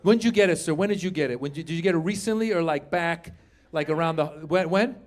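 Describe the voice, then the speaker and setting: Loud animated stand-up comic in his fifties. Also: fairly high pitch, quick pace. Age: 50s. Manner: loud, animated crowd work with shouted punchlines. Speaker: stand-up comedian. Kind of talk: stand-up comedy. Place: comedy club stage with live audience.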